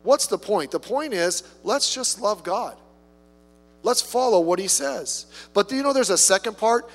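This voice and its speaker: Male preacher, high and very animated, talks to the room with quick asides; reverberant hall. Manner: conversational, with rhetorical questions and humorous asides. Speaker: pastor. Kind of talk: sermon.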